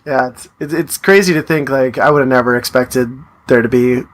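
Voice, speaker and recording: A man's voice: mid-range voice, a little fast. A man co-hosting a podcast in casual chat, friendly and thoughtful, tending to ramble. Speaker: podcast co-host.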